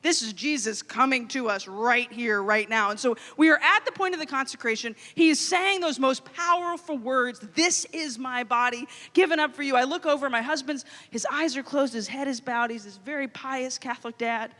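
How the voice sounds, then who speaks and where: Woman, high bright voice, comic storytelling, long hall echo. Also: normal speed, hardly any pauses. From Louisiana. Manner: animated, comic storytelling with quoted inner voices. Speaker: youth conference speaker. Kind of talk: storytelling keynote talk. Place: large hall.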